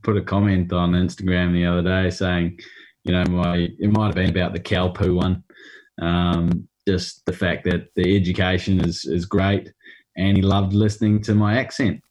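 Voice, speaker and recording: A man with a mixed Australian and New Zealand accent, chatting on a podcast as a guest and pausing often with hesitations. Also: deep voice, flat delivery, darkish tone, rough recording. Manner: hesitant, many ums and restarts. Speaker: golf rules podcast guest. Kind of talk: casual podcast chat. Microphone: remote call.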